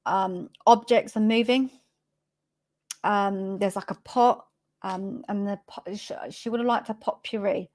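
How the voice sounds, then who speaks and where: Woman, spiritual medium, live reading, unhurried, hesitant, chatty, mid pitch. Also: fairly even intonation, darkish tone. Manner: hesitant, many ums, homely and chatty.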